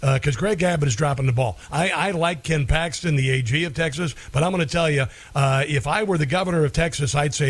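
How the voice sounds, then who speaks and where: A man's voice: fairly high pitch, brisk, few pauses. Blunt indignant talk radio host, a man. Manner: blunt, indignant, many ums and uhs.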